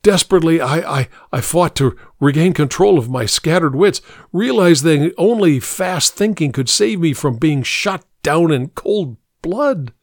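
A male storyteller reads a suspense tale slowly and deliberately, his pitch rising and falling with lively expression. The voice sits at a middle pitch. The recording is dry and close, with no room echo. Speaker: narrator. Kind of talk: dramatic first-person story reading.

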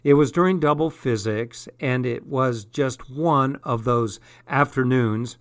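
Slow deadpan male audiobook reader. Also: mid-range voice, dry recording, clean studio sound. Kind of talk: first-person diary narration.

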